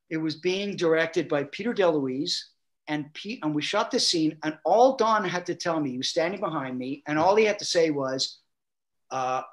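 A middle-aged man, a guest actor, telling animated anecdotes and acting out quotes with laughter. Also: a little high. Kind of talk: anecdotal storytelling.

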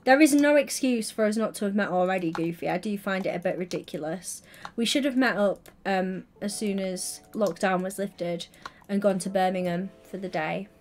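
Excitable young woman streamer. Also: moderate pace, a little hiss or hum. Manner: gushing and excitable, with sudden high squeals. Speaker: livestreamer. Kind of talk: casual live stream chat.

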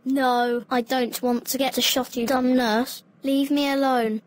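A bratty, defiant little boy with a British accent, whining and talking back in a cartoon, voiced by a synthetic woman's voice. The voice sits fairly high and drags along slowly, rude and stubborn from line to line. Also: little pitch movement. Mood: whiny. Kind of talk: text-to-speech cartoon dialogue.

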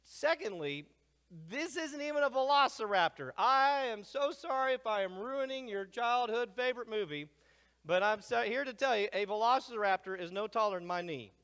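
A man giving an energetic lecture to a live audience, jumping between loud, excited asides and hushed remarks. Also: very high-pitched, moderate pace, clear, resonant tone. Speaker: speaker presenting to a live audience. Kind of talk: animated lecture. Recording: long hall reverb.

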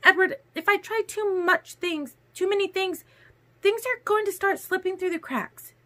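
A woman doing a cold, high young vampire girl. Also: moderate pace, pushed and bright. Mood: cool, defensive. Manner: cold, clipped replies. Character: young female vampire, cool and insistent.

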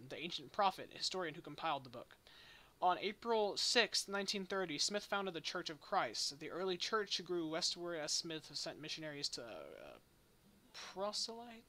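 A man's voice: on the high side, bright, forceful tone. A young man hosting a casual podcast chat, rambling and retelling stories with lots of filler words. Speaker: podcast host.

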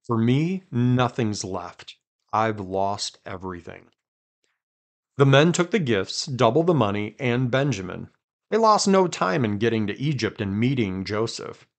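A man hosting a podcast, reading scripture aloud with quiet dramatic emphasis and chatting between passages. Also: mid-range voice, lively intonation, a little slow. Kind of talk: conversational Bible reading.

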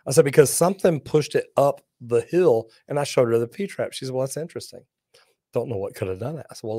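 Folksy joking plumber host, dry sound. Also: male voice, mid-range voice, no echo. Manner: lively storyteller, folksy and joking. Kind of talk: live Q&A chat reading viewer comments.

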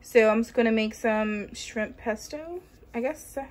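A woman's voice: fairly high pitch, measured pace, darkish tone. A woman vlogging casually from her home kitchen, rambling and chatty with a lot of "like", in a New York accent. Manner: chatty, rambling, heavy use of "like". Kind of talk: casual vlog chat.

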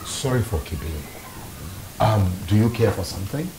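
An actor with a Nigerian accent playing a wealthy, genial boss who questions a young job seeker. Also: male voice, lowish voice, lively intonation, normal speed, crowd noise, close to an everyday voice. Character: wealthy older male chief, genial boss. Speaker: employer. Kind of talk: film drama acting.

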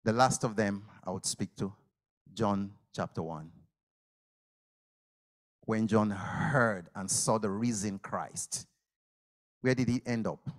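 A man's voice: lowish voice, slow, pauses often. A man preaching a sermon, telling a story and acting out the people in it, sometimes dropping to a whisper. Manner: animated storytelling, acts out the people, drops to a whisper at quiet moments.

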